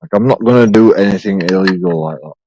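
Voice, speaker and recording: A man's voice: low-pitched, quick pace, mellow, dull audio, a little hiss or hum. A man rambling sarcastically through a profane solo vlog, repeating himself as he goes. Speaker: YouTube auditor.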